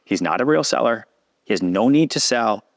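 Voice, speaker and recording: A man in his thirties, appearing as a podcast guest, tells a story in a casual, animated way at a moderate pace. His middle-pitched voice carries some vocal fry and leaps high whenever he imitates other people.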